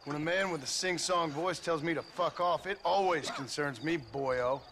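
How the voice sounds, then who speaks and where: A man voicing a hard Western gunslinger who talks in a blunt, dry, measured way. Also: fairly high pitch, lightly acted. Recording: game audio with noisy backdrop.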